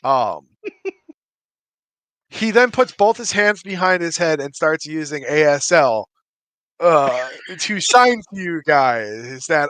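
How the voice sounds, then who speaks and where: A man's voice: fairly high pitch, big pitch swings, takes it slowly, fairly bright tone, no room sound. A man narrating as game master of a tabletop game, loose and profane. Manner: loose, profane, self-mocking.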